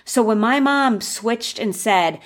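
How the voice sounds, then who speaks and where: A young woman casually telling the story of her wedding and giving advice, animated, acting out the quoted voices with gasps. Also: a little high, slow pace. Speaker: bride sharing wedding advice.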